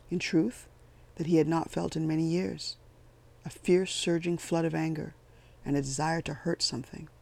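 A man giving a measured, scripted narration of a story. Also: fairly high pitch, vocal fry, a little mellow. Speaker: audiobook narrator.

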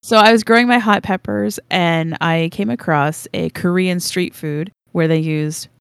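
A woman co-hosting a casual gardening podcast, telling stories in a chatty, animated way with frequent laughter. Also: lowish voice, a little slow, creaky, smooth, no echo, studio quality. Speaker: podcast co-host. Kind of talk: casual chat.

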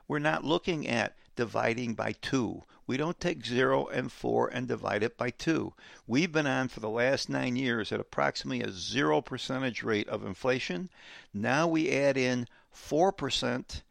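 Gravelly man hosting a finance show. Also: mid-range voice, a bit bright, dry recording, clean studio sound. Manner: emphatic, repeats key words slowly for effect. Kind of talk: explanatory talk show monologue.

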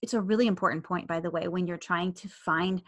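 A woman's voice: on the low side, fairly even intonation, fairly quick, a bit bright. A woman in her thirties hosting a podcast. She coaches listeners in a casual monologue, repeats key phrases and acts out their inner voices.

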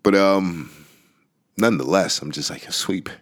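A man's voice: sits low, lively intonation, normal speed. A young man hosts a casual solo talk. He rambles and restarts often, laughs between thoughts, and swears freely. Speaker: podcast host. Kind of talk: casual monologue.

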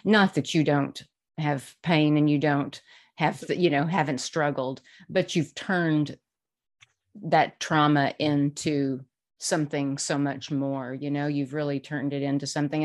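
A woman co-hosting a podcast, talking earnestly in casual conversation with frequent restarts and laughs. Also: low-pitched. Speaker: podcast co-host.

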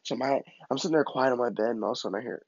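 A man tells a comic story in a loose, animated, self-mocking way. His voice is mid-pitched, and the recording is dry and a little muffled. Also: rapid-fire, slightly rough, dry recording.

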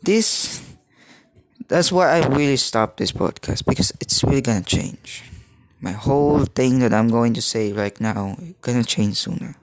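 A man in his thirties, from the Philippines, talks alone on his podcast at a middling pitch. He wanders from thought to thought and stops and restarts often as he hunts for the right words. The recording is dry and close, with no room sound. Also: no room sound. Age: 30s. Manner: halting, searching for words, many restarts. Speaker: podcast host. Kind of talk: rambling solo podcast monologue.

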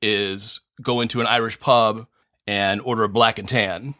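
A man hosting a comedy podcast, talking in a deadpan, jokey know-it-all way. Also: on the low side, moderate pace, no echo, studio quality. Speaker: podcast host. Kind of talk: casual comedic chat.

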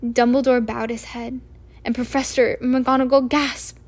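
A woman reading a book aloud as an amateur narrator, in a halting way with frequent restarts. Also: fairly high pitch, flat delivery. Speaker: audiobook narrator. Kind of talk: audiobook reading.

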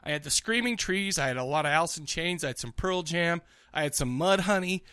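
Podcast co-host, male, lively high voice, rambling crude storyteller, dry close mic. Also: a little fast, smooth, dry recording. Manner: animated, rambling, crude joking. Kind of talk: casual chat.

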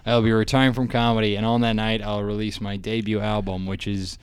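Rambling deadpan comedian man. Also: lowish voice, a little fast, clean tone, dry recording. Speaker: comedian podcast co-host. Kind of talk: casual chat.

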